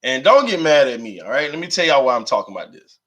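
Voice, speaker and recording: A man hosting a casual live stream, animated and laughing often as he reads viewer comments aloud. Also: medium pitch, fast. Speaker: live-stream host reading chat.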